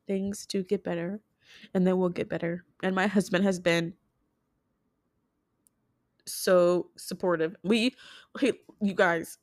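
Heartfelt woman vlogging, low dry voice. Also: steady tone, dry recording. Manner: heartfelt, halting, many restarts. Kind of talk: emotional personal vlog.

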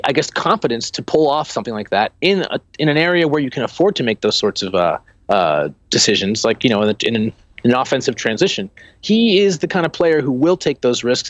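A man co-hosting a casual football podcast, talking in an animated, rambling way with many restarts. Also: mid-range voice, dry recording, dull audio. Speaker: podcast co-host.

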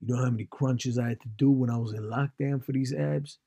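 Casting: a man doing a swaggering American gym bro, gravelly voice, dry sound. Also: medium pitch, fairly even intonation, a little fast, warm tone, dry recording. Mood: boastful. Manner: bragging, swaggering.

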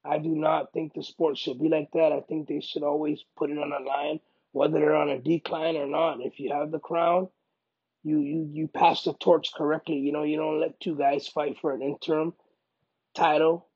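Gravelly, husky fighter talking fast and loose. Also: male voice, fairly high pitch, dry recording, muffled recording. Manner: emphatic, repeats himself, bursts into loud excited quoting. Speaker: UFC fighter being interviewed. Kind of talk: casual interview talk.

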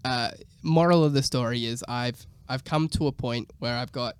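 A man's voice: medium pitch, normal speed, clear, resonant tone, dry recording. A man, a musician, chatting casually and telling stories with frequent laughter and swearing. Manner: laughing, animated storyteller, swears freely. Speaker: musician guest. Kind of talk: casual podcast chat.

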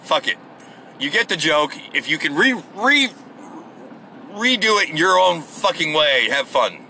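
A man with a bright, somewhat high voice and lots of gravel in it, rambling through a solo podcast from his car. He swears freely and pokes fun at himself. Faint traffic hum sits behind him. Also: animated, a little slow. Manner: profane and self-deprecating. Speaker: podcast host. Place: car, on the drive to work.

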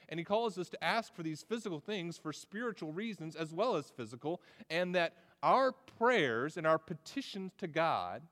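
A man's voice: on the high side, a bit bright. Conversational male pastor in a reverberant hall. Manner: conversational, repeats words when starting phrases. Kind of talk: sermon.

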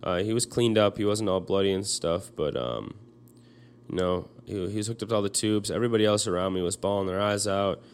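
A young man telling a personal story in a halting way, full of fillers and restarts, choked up as he speaks. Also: on the low side, clean tone.

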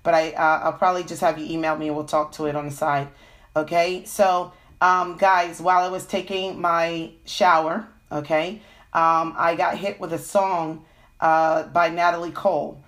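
A woman's voice: on the low side, level tone, moderate pace, fairly bright tone. A woman with a cold giving a casual live-stream tarot reading, full of fillers and "okay?" check-ins. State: has a cold. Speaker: tarot reader.

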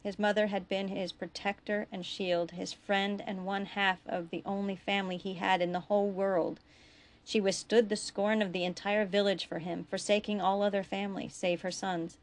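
A woman reading her own fiction aloud in a steady, expressive storytelling voice. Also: mid-range voice, moderate pace.

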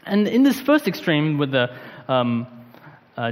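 A man preaching a sermon in a relaxed, conversational way, with slang and frequent fillers. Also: mid-range voice, measured pace, long reverb tail. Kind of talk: casual sermon.

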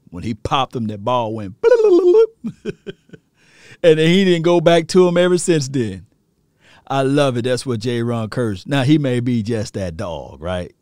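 A man hosting a sports stream, telling slangy, excitable stories and laughing often. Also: fairly low pitch, no room sound. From rural area. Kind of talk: animated sports talk.

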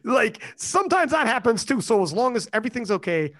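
A man hosting a casual sports chat, talking in an animated, swearing way that swings up and down. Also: extremely high pitch, fairly quick.

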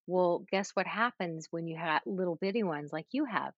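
Woman guest coach, lively advice-giver, audible sighs; lo-fi dry recording. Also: on the low side, moderate pace, no echo. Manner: animated, sighs and breathes audibly to demonstrate. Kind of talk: casual advice chat.

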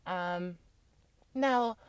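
A woman's voice: on the low side, extremely slow, clear, resonant tone, dry recording. A young woman from Utah, chatting frankly and casually as a podcast host, with lots of fillers and blunt swearing. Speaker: podcast host recapping a reality show. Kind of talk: casual chat.

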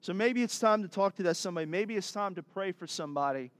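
With lively intonation and a quick pace, this pastor delivers his sermon earnestly, urging his listeners on. His fairly high male voice breaks into laughing asides before he returns to pressing his argument.

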